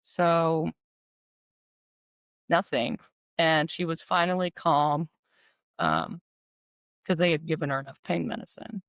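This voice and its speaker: Gravelly low-voiced woman telling her story. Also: steady tone, slow pace, long pauses, dry recording. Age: middle-aged. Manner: earnest, emotional retelling with quoted dialogue. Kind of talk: personal testimony storytelling.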